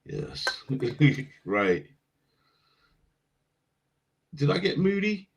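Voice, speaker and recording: A man's voice: on the high side, very animated, extremely slow, gravelly, husky. A man co-hosting a live stream, chatting loosely and greeting viewers by name. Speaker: podcast co-host. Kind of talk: casual live-stream chat.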